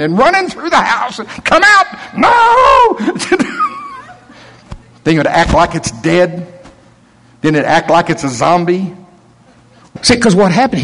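A man preaching a sermon and telling a story, acting out the voices of the people he quotes. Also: a little high. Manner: animated, acts out quoted voices.

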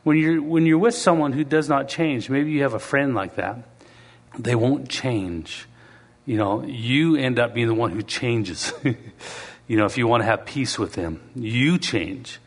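A man preaching a sermon in a conversational way, now and then acting out quoted voices and reading scripture slowly. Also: mid-range voice. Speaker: pastor.

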